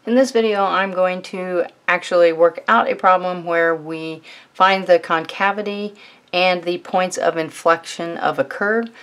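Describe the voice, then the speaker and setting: A woman teaching a recorded calculus lecture, talking students through a problem step by step in a relaxed, conversational way. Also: lowish voice, measured pace. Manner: relaxed, conversational, thinks aloud while writing. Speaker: math teacher.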